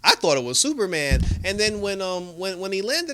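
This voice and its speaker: A man giving a casual, animated movie review, retelling scenes loosely with lots of "you know" and "like" and frequent laughter. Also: high-pitched, normal speed. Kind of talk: casual spoiler review chat.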